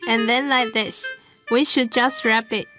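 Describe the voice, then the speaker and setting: A woman's voice: a little high, steady tone, unhurried, over music, close to an everyday voice. An actress dubbing a cheerful female teacher who coaches her students patiently and has them repeat words after her. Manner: patient, encouraging, repeats words for learners to echo. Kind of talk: dubbed television drama.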